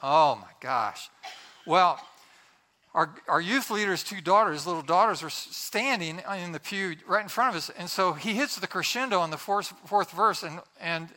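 A middle-aged man preaching, telling a funny church story in an animated way, laughing as he goes. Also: high voice. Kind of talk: sermon with a humorous story.

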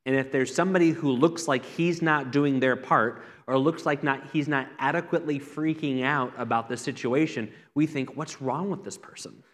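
A man's voice: medium pitch, moderate pace, hardly any pauses. A man, a pastor, giving an earnest, conversational sermon with repeated phrases. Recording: long reverb from a hall.

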